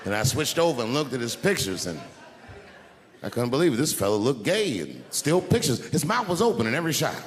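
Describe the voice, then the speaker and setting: A man telling a profane stand-up story, swinging between loud outbursts and hushed mumbles. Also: mid-range voice, very animated, a little fast, a crowd in the background. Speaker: stand-up comedian.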